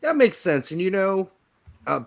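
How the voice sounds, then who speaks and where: A male podcast host with a lively, swooping voice keeps the talk jokey and teasing, throwing in mock voices and asides. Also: high voice, a little slow, vocal fry. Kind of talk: casual podcast chat.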